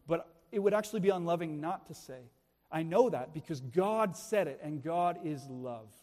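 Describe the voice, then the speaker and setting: A middle-aged man delivers a sermon in a church sanctuary. He speaks with earnest urgency and presses his listeners with pointed rhetorical questions. His voice sits a little high and rings out with a long hall reverb. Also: a little mellow. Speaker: pastor.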